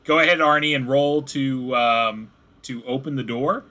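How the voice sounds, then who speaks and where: A man's voice: mid-range voice, measured pace, pushed and bright. A man narrating a tabletop game as game master, in a loose way full of likes and ums.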